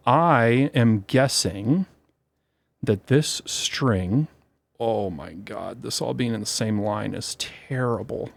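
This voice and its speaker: A man with a slightly high voice, recorded close and dry with no room sound. He talks through a casual tutorial, excitable and rambling with fillers, often running himself down. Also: dry recording. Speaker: maker video host. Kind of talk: casual screen-share tutorial.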